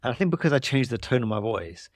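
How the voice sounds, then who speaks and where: A man around forty co-hosting a podcast, telling quick, laughing stories in casual chat. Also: medium pitch, sing-song, no echo, clean studio sound. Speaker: podcast co-host.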